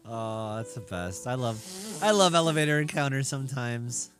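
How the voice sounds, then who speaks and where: A man co-hosting a casual chat show, telling a story with restarts and quick laughs. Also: medium pitch, faint music behind. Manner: lively, stammering restarts. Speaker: podcast co-host.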